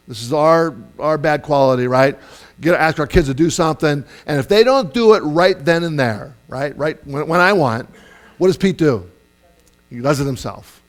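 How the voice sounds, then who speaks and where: A male pastor delivering a sermon in a relaxed, chatty style. He wanders into asides and trips over his words, filling gaps with ums and uhs. His voice sits at an ordinary middle pitch. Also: rough recording. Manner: conversational, digressive, with many fillers and restarts.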